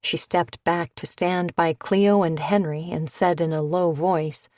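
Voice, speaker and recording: Slow, low-pitched woman narrating. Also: no room sound, clean studio sound. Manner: even, unhurried reading that lifts into character voices for dialogue. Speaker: audiobook narrator. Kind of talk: scripted narration.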